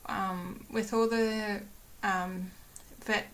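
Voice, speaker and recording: A woman's voice: medium pitch, fairly even intonation, extremely slow. A young woman chatting casually to her camera at home, rambling with many fillers and acting out what others said. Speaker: vlogger.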